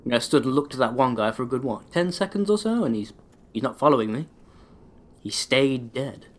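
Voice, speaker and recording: A man's voice: medium pitch, lively intonation, fairly quick. Rambling, sarcastic man gaming. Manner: rambling, sarcastic, swears often. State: sore throat, voice held back. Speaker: let's play gamer. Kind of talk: casual gameplay commentary.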